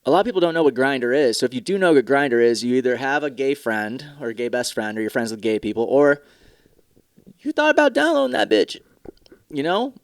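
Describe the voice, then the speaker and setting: A man's voice: mid-range voice, quick pace, few pauses, smooth, no room sound, clean studio sound. Tired, profane young man ranting. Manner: profane, sarcastic, rambling. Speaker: podcast host. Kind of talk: casual solo podcast rant.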